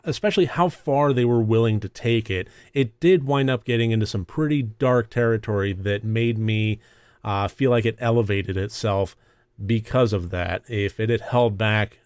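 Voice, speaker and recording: A man's voice: mid-range voice, dry recording. A man hosting a casual spoken film review, rambling with frequent fillers and little asides. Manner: rambling, many fillers, self-deprecating asides. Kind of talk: casual movie review monologue.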